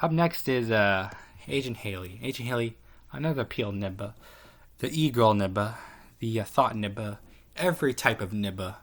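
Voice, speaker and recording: A man's voice: fairly low pitch, fairly bright tone. Give me a rambling, profane guy ranking his online friends. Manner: rambling, profane, lots of fillers and restarts. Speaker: tier list commentator. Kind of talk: casual profane commentary.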